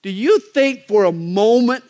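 A male pastor delivering a sermon in a folksy, joking manner, with wide swings in pitch. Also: expressive, a little slow, darkish tone.

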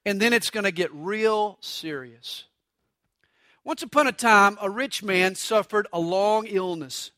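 A man's voice: sits high, unhurried, sharp tone, dry recording, clean studio sound. A man preaching a sermon, mixing stories and jokes with acted voices for quotes. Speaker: pastor.

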